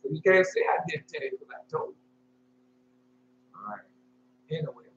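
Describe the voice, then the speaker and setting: A man, teaching scripture informally, reading verses slowly and then explaining them in loose casual talk. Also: high-pitched, huge pitch swings, creaky. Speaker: preacher. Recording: roomy, dull lo-fi sound with faint hum.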